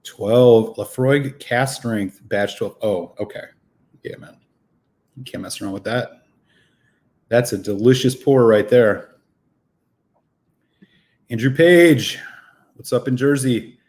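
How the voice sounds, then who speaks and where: Slightly out of breath after a run, a man hosts a relaxed live stream, chatting loosely and greeting viewers one by one as he reads the chat aloud. His voice is at an ordinary middle pitch, and he talks slowly with long pauses.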